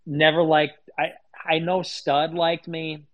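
A man's voice: on the high side, flat delivery, takes it slowly, lo-fi sound. A man talking in a casual podcast chat as an online commentator, rambling and crude, with lots of fillers.

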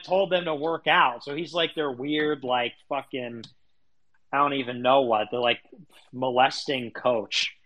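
A man's voice: mid-range voice, a bit bright, low-quality recording. A man talking in a casual podcast chat as an online commentator, rambling and crude, with lots of fillers.

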